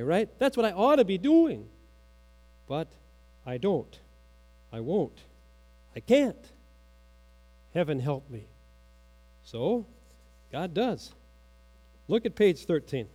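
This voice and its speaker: A man's voice: high voice, big pitch swings, slow pace, pauses often, darkish tone. A man preaching a sermon, asking questions and quoting from the catechism, his voice dropping for emphasis. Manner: teaching with questions, quoting catechism aloud, dramatic drops. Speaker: pastor.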